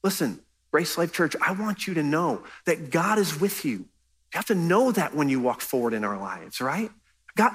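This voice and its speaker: A man's voice: high voice, a bit bright. A man preaching a sermon as pastor, earnest and conversational, pressing his points with emphasis.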